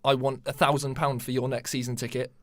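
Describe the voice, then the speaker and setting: An English man co-hosts a laid-back football podcast, sounding like an eager fan of his club. His voice sits at an ordinary pitch and is recorded close and dry, with no room sound. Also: little pitch movement, brisk, fairly bright tone, no echo. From England. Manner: enthusiastic, fan-like. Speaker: podcast co-host. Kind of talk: casual football chat.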